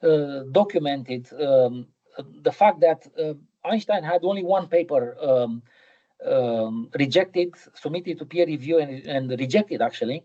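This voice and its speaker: A man's voice: on the high side, animated, normal speed, dark tone, lo-fi sound. A middle-aged man giving a physics lecture in a webinar, hesitant, with many ums and repeated words.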